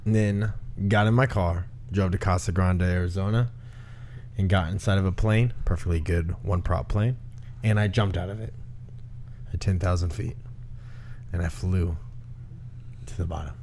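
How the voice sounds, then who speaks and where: A man's voice: low voice, moderate pace, pauses often, slight background noise. A man hosting a podcast, telling a story in casual chat, swearing freely. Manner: profane, animated storyteller. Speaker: podcast host. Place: room with a dryer running nearby.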